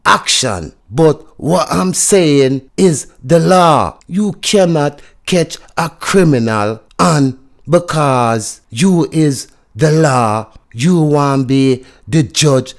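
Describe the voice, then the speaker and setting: A man's voice: on the high side, expressive, very slow. A man with a Jamaican accent giving a chatty news review, mixing patois into standard English. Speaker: news commentator.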